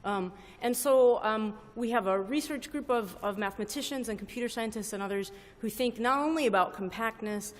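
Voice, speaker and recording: A woman's voice: a little high, moderate pace, hardly any pauses. A woman speaking as a panelist, explaining her work as a mathematician in a self-deprecating way. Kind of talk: panel discussion. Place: large conference hall. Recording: reverberant lecture hall.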